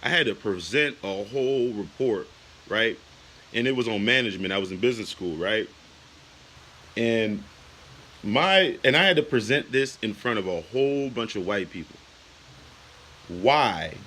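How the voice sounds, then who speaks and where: Heated low-voiced man in his thirties. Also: animated, normal speed, long pauses, pushed and bright, a little hiss or hum, poor audio. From United States. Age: 30s. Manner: heated, repetitive, tosses in "man" and "you know". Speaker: YouTuber. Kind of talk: casual vlog rant.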